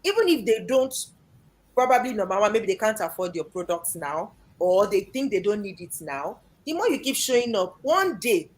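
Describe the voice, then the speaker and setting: A woman with a Nigerian accent speaking as an energetic, emphatic guest in an interview. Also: mid-range voice, moderate pace, slight background noise. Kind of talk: lively interview talk.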